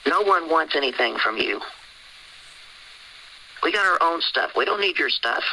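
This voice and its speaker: A man's voice: a little high, expressive, moderate pace, sharp tone, slight background noise, low-quality recording. A man hosting a call, pressing listeners with rhetorical questions in an insistent tone. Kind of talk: sermon-style call talk.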